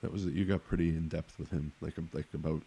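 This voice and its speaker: A man's voice: rumbling low, steady tone, quick pace, vocal fry, mellow. A man hosting a podcast, mostly giving short encouraging replies in a casual conversation. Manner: brief encouraging backchannel. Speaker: podcast host.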